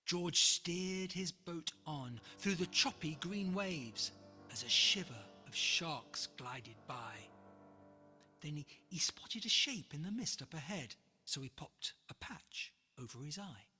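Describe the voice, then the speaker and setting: An author reading their own rhyming picture book aloud in a lively, rhythmic way. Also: medium pitch, slow. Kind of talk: rhyming storybook read-aloud. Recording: long reverb, faint music behind.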